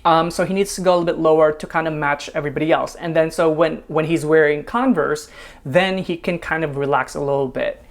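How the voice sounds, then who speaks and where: A man hosting a casual dance reaction video, chatty, laughing often and filling pauses with ums. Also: on the high side, fairly even intonation, gravelly.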